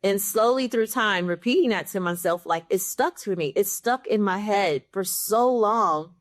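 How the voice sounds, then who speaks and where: A woman's voice: medium pitch, normal speed, dry recording, clean studio sound. A woman guest on a panel, telling a personal story in a candid, emotional, conversational way. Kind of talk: personal testimony in a panel chat.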